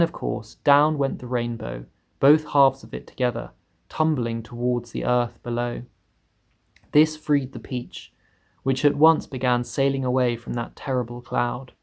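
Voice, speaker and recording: A man reading a children's book aloud in steady storytelling, voicing the characters higher. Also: gravelly. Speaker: reader.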